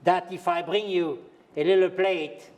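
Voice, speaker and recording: An older man with a French accent and a notably high-pitched voice spins stories from his career as a guest on stage. He chuckles often and bends English grammar as he goes. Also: measured pace, dull audio. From France. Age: 70s. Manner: lively raconteur, chuckling, non-native grammar. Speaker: retired pastry chef, interview guest. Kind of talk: anecdotal storytelling on stage.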